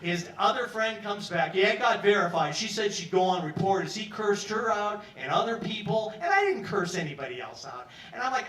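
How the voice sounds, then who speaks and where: Guy doing a stand-up story in a pub, high bright voice, echoey room from far off. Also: a little fast, hardly any pauses, a little hiss or hum. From New York. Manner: animated, acts out other people's lines in put-on voices. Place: pub stage with live audience.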